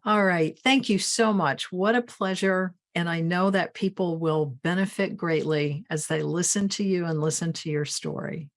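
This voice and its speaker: A podcast host, a woman with a low, gravelly voice, talks in an affirming, reflective way. The sound is close and dry, with no room around it. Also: normal speed, hardly any pauses, no room sound. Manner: affirming, reflective, spiritual framing. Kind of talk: conversational interview.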